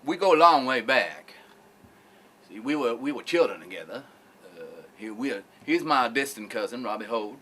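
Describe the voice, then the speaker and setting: A man playing a vain male cousin who boasts with halting pauses. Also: medium pitch, animated, pushed and bright, a little hiss or hum. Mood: boastful. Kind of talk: mockumentary interview acting.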